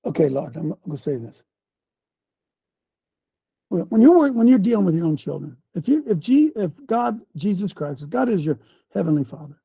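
A man preaching a fiery sermon, folksy and combative, with slang and sudden shouts. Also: high voice, gravelly, breathy edge, no room sound. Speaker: pastor.

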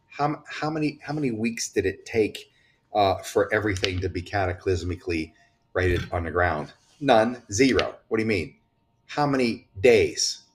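A man talking in an impassioned, preachy way, issuing urgent warnings as a commentator. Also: sits low. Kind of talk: impassioned political talk.

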